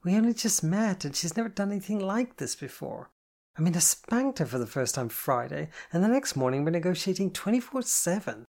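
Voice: medium pitch, sing-song, a little fast, darkish tone, voice pushed up. A narrator voicing an anxious, self-doubting young woman who mumbles sheepishly.

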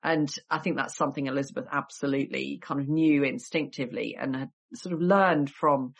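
A woman's voice: very deep voice, brisk, gravelly, breathy edge. A woman historian with a cold, telling stories in a chatty podcast interview with wry asides. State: has a cold. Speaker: guest historian and author.

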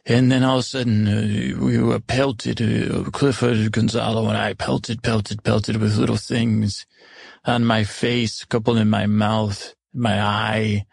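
A man improvising as an older, once-cruel stepmother, telling her story in a rambling, halting way and correcting himself as he goes. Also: fairly low pitch, flat delivery, gravelly, darkish tone, no echo, clean studio sound, heavily acted. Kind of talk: improvised first-person storytelling.

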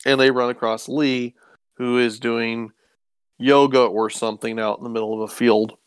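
A man's voice: mid-range voice, flat delivery, moderate pace, clean tone, dry recording. Chatty man retelling a show. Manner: rambling retelling with many ums and quoted lines. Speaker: podcast co-host recapping a show. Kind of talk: casual chat.

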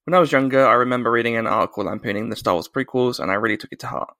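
Gravelly earnest man. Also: medium pitch, rapid-fire, pushed and bright, dry recording, studio quality. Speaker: podcast co-host. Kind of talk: casual chat.

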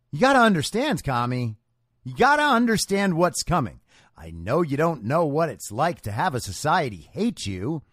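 Sarcastic male talk-show host, lively. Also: fairly high pitch, dry recording, studio quality. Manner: sarcastic, mocking, lecturing. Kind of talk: political talk show monologue.

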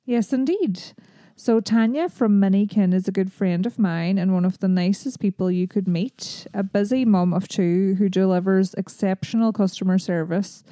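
Relaxed Irish woman, warm mellow voice. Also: medium pitch, moderate pace, few pauses, no echo, clean studio sound. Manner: relaxed, laughs easily. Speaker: podcast co-host. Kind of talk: casual chat.

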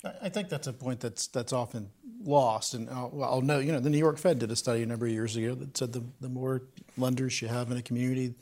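A man moderating a panel discussion, posing questions in a measured way with the odd wry aside. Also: mid-range voice, darkish tone.

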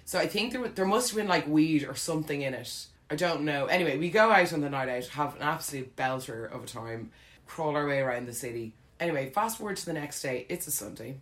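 Low-voiced Irish woman telling a story. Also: quick pace. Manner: animated, laughs often, filler-heavy. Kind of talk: casual storytelling chat.

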